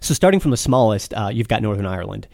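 A man's voice: on the low side, lively intonation, fast, vocal fry, mellow, no echo, clean studio sound. An American man explaining things patiently in a casual chat, with frequent restarts. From United States.

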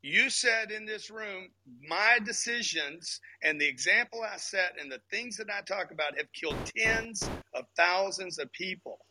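A man's voice: high-pitched, expressive, measured pace, hardly any pauses, sharp tone, a little hiss or hum. A man arguing angrily in a live audio room debate, swearing and repeating himself over a Bluetooth headset. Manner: angry, profane, repeats himself. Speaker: guest speaker. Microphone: phone headset over Bluetooth.

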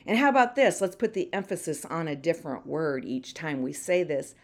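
A woman's voice: sits low, very animated, brisk, few pauses. A woman hosting a motivational podcast, speaking emphatically, repeating phrases and leading her listeners in affirmations. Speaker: podcast host and mentor. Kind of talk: motivational pep talk.

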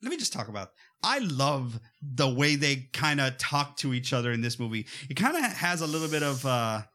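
Rambling, animated man talking movies. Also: mid-range voice. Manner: rambling, animated, drops into quick mock voices. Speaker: podcast co-host. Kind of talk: casual movie discussion.

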